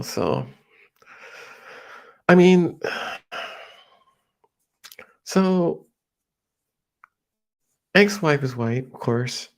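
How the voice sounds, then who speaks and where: A middle-aged American man talking casually in a rambling, halting monologue with many restarts. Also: medium pitch, creaky. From United States.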